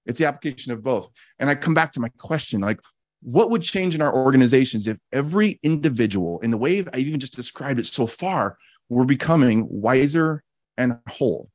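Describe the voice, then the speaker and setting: A podcast host gives a reflective, earnest teaching talk, repeating key phrases for emphasis and often restarting with casual fillers. His medium-pitched voice is expressive, a little fast and darkish, recorded studio-quality with no room sound.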